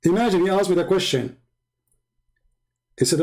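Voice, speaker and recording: A man's voice: sits high, lively intonation, normal speed, vocal fry, darkish tone. A man hosting a livestream, talking in a mocking, taunting way and repeating phrases for emphasis. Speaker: livestream host. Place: home setup streaming online.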